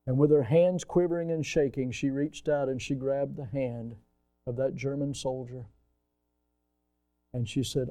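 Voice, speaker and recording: A man preaching a sermon, telling a story with dramatic swings from loud emphasis to hushed quiet, calling his listeners folks. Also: mid-range voice, unhurried. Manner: folksy, addresses audience as folks.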